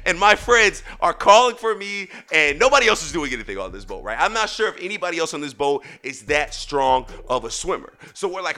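Animated man telling a story. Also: medium pitch, fast talker, few pauses. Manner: dramatic, builds to shouting. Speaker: podcast host.

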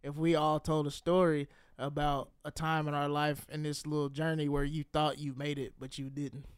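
A man's voice: a little high, moderate pace, clear, resonant tone, dry recording, clean studio sound. A man co-hosting a casual comedy podcast, telling stories with a lot of laughter. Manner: animated storyteller, laughs often. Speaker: podcast co-host. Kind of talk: casual chat.

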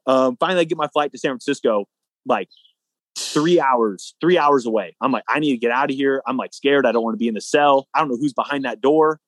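A man's voice: mid-range voice, brisk, no echo. Young guy telling a story, acts out the back and forth, lots of "like", dry close sound. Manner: animated, acts out both sides of dialogue, many fillers. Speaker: guest, hybrid athlete. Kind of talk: casual storytelling.

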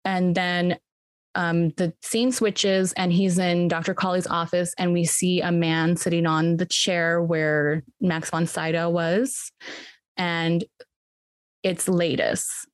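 A woman with a slightly low voice tells friends what happens in a movie, scene by scene. She drops in "like" and "um" all the time and acts out the characters' lines. The sound is dry and close, with no room echo. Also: flat delivery, slow. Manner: retells scenes with quoted voices, lots of "like" and "um". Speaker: movie recapper. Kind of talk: casual movie recap among friends.

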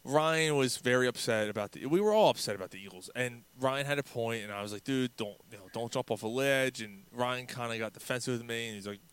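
Smooth-voiced man telling a story. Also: medium pitch, fast talker, few pauses. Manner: storytelling, profane, acts out quotes. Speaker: podcast co-host. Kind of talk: casual sports chat.

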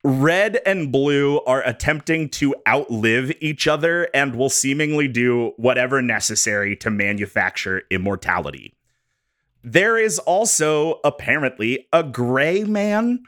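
Guy on a podcast reading off his bullet points, bright voice, really lively pitch. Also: unhurried. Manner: animated, jokey, reads prepared bullet points. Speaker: podcast host presenting research. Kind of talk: casual podcast chat.

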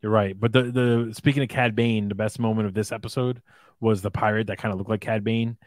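A man co-hosting a casual podcast, lively and quick to act out scenes in mimicking voices. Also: fairly low pitch, no echo, clean studio sound. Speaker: podcast co-host. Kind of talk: casual chat.

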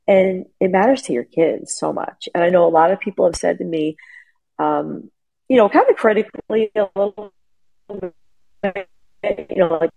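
A middle-aged woman sharing emotional personal stories as an interview guest over a remote call, animated and full of fillers. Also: fairly low pitch, normal speed, gravelly, breathy edge, rough recording. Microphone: remote call connection.

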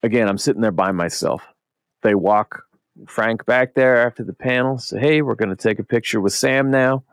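A young man co-hosting a podcast, telling a story in casual chat, animated and swearing a lot as he acts out what people said. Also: mid-range voice, moderate pace, clean tone, no room sound. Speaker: podcast co-host.

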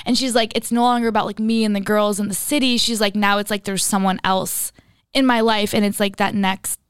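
A young woman in casual chat, telling a story with lots of "like" and lively retellings. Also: medium pitch, a little fast, clean tone, no echo, studio quality. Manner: storytelling, animated retellings full of "like".

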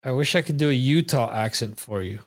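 A man hosts a podcast in a medium-pitched, expressive voice, talking a little fast. He chats casually and reads viewer comments aloud, rambling and joking and often stopping to correct himself.

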